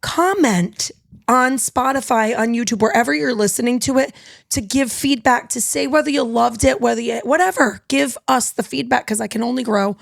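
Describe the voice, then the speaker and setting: A woman in her thirties hosts a casual podcast, talking with energy and plenty of chatter. Her voice has a gravelly edge, and the sound is dry and close to the mic. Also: on the high side, brisk, no echo. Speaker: podcast host.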